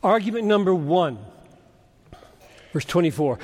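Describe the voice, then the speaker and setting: A man preaching an expository sermon as pastor, arguing point by point and swinging from loud urging to hushed asides. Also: high voice, lively intonation, moderate pace, long pauses. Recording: long reverb of a large hall.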